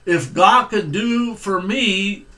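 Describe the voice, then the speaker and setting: A middle-aged man with a notably high voice delivers a sermon as an unhurried personal story. He talks in a folksy, conversational way, stopping on fillers before driving home his point. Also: sharp tone. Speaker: preacher.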